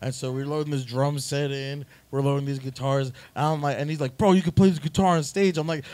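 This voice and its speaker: A man with a somewhat high voice swears freely as he tells a story on his podcast, animated and quick to act out the people in it. The sound is dry and close, with no room echo. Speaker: podcast host. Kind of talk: casual storytelling.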